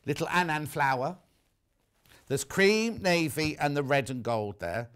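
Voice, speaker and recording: A man's voice: on the high side, unhurried, a bit bright, clear, resonant tone. A middle-aged man presenting fabrics on a live shopping show, chatty and teasing. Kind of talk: live sales presentation with chat.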